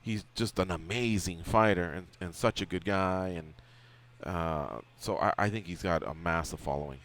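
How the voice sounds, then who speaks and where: Male sports radio host, lowish voice, casual and joking. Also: normal speed. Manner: joking, teasing, lively.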